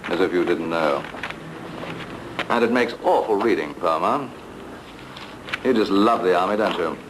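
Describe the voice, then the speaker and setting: An actor playing a stern middle-aged British officer with a sarcastic, cutting manner, heard in an old film clip. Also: male voice, low voice, measured pace, background noise.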